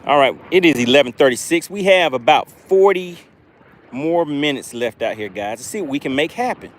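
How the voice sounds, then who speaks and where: A man's voice: fairly high pitch, lively intonation, moderate pace, slight background noise. Man, Southern US accent, fishing livestream host, outdoors, reads chat comments aloud, friendly, chatty, laughs easily. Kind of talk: live-stream chat while fishing.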